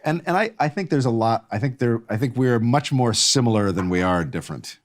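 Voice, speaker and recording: A man as a guest in a casual chat over drinks, talking in an animated, joking, emphatic way. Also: mid-range voice, brisk. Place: studio set. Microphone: lapel mic.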